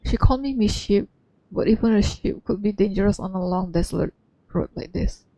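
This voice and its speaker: Woman voices a chatty, cautious young traveler, mellow and dry, game dialogue read aloud. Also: mid-range voice, fairly quick, no room sound, close to an everyday voice, low-quality recording. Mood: earnest.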